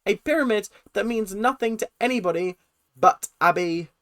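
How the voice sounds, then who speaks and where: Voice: mid-range voice, normal speed, fairly bright tone. A British host reacting to a TV show in a blunt, ranting, sarcastic way. The voice sits in a middle register and is recorded on a close mic in a dry room with no echo. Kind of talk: casual reaction commentary.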